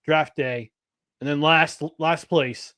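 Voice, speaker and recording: A man co-hosting a casual sports podcast, talking in an animated, joking way and laughing easily. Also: a little high, slow pace, clear, resonant tone, no room sound, clean studio sound. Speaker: podcast co-host.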